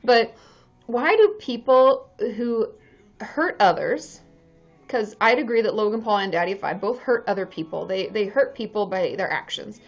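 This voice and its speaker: A woman's voice: mid-range voice, expressive, moderate pace. Candid woman therapist on a lo-fi livestream. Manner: candid, chatty, swears freely, laughs often. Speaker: licensed therapist hosting a livestream. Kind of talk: casual live-stream chat. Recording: dull lo-fi live-stream audio.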